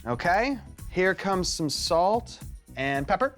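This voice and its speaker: A man's voice: animated, moderate pace, a bit bright. Jokey cooking show guy, goofy and dramatic, bit of music behind. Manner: theatrical, jokey, big swings in pitch. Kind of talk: playful cooking demonstration. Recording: light background music.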